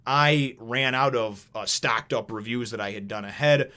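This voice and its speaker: A man's voice: mid-range voice, normal speed, bright, forceful tone, clear, resonant tone. A man casually reviewing a manga chapter in a vlog, rambling and chatty, with plenty of swearing.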